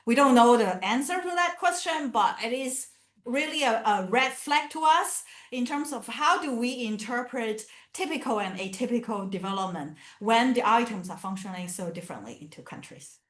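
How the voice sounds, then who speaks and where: A woman's voice: a little high, expressive, normal speed, fairly bright tone, roomy sound. A woman giving a conference lecture, explaining her research step by step with many fillers and restarts. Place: conference venue.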